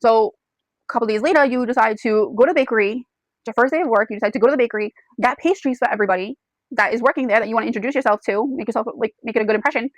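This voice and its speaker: Chatty woman, higher voice. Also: very fast, no echo, poor audio. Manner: chatty, addresses the listener as "you" with frequent "like". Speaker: book reviewer. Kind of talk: casual plot retelling to camera.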